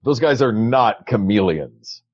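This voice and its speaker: A man with a lowish voice co-hosting a podcast from home, defending odd points with playful, deadpan logic. His home mic sounds slightly dull and lo-fi. The sound is dry, with no room echo. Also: measured pace. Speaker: podcast co-host. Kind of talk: casual chat. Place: his home, recording remotely.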